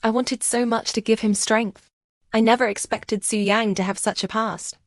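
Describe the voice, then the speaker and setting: A woman narrating a first-person romance story in a calm, emotional storytelling manner. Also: fairly high pitch, moderate pace, no echo, studio quality.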